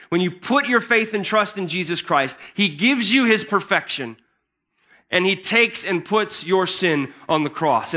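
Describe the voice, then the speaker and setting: A man preaching a sermon with a high, lively voice that has a bright, ringing edge. He talks to the congregation like a friend, stumbling over repeated starts and then rising into excited emphasis. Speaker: pastor.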